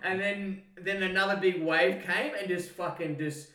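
A man's voice: high-pitched, steady tone, moderate pace, pushed and bright, recorded from a distance. Sweary Australian man telling a story. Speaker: podcast co-host. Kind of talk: casual chat, storytelling. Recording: roomy sound, mic set back.

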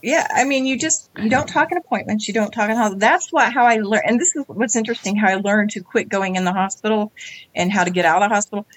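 A woman in her forties, an interview guest, telling her story in animated conversation and acting out the lines of others. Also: mid-range voice, fast, no echo.

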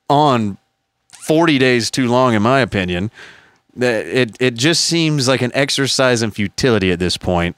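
A man's voice: mid-range voice, fairly bright tone, dry recording. A man co-hosting a podcast, ranting heatedly with profanity and sarcastic put-on quotes. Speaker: podcast co-host. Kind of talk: casual podcast rant.

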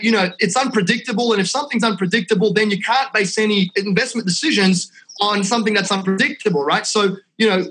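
An Australian man talking as a podcast guest, energetic and salesy, dropping "mate" and "right?" all through his talk. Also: high-pitched, slight background noise, rough recording. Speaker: real estate investment company owner, podcast guest. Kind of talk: casual podcast chat.

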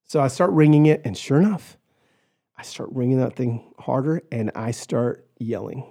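A man guest on a podcast, telling a personal story in an animated way and acting out the voices of others. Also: mid-range voice, moderate pace, creaky. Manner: animated, acts out quoted voices, shouts in retelling.

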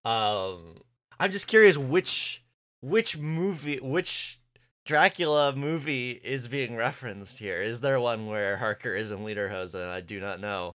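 A man's voice: medium pitch, expressive, a little slow, a bit bright, dry recording. A man co-hosting a podcast, chatting about old films in a thoughtful, hesitant way. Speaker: podcast co-host. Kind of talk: casual recap chat with film trivia.

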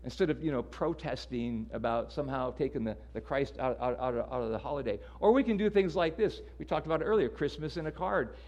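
A man's voice: medium pitch, lively intonation, fast talker, hardly any pauses, darkish tone. A man preaching a sermon in a casual, conversational way, often repeating words as he restarts. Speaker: pastor.

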